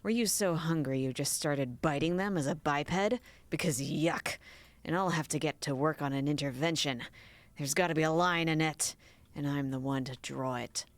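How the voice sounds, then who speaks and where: A woman reading a novel aloud, voicing a sardonic young male roommate who speaks in a lowered, drawling, deadpan way. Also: normal speed, dry recording. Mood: teasing.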